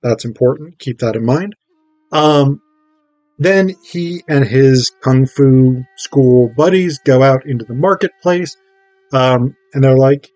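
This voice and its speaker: A man talks through a film plot at an unhurried, drawn-out pace, filling his pauses with ums and uhs. His delivery is wry and loose. The recording is dry and close, with no room echo. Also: mid-range voice, darkish tone. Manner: rambling, filler-heavy, wry. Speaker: film reviewer. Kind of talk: casual film summary.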